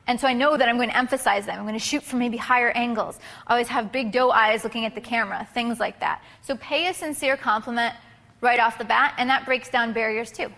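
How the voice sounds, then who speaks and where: A woman's voice: a little high, quick pace, a bit bright. A woman giving a casual, chatty photography workshop talk to a live group, full of fillers and restarts. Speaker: photography instructor. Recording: reverberant hall recording.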